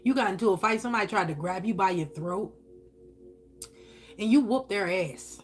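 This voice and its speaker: A woman's voice: mid-range voice, expressive, moderate pace, soft background music. A woman giving a channeled spiritual reading while eating on camera, casual, profane and blunt. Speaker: spiritual reader.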